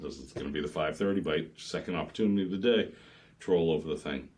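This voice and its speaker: A man, a charter boat captain and podcast guest, spinning lively fishing stories and acting out the voices in them. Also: rumbling low, fast. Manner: lively storyteller, acts out voices, swears. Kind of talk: casual chat.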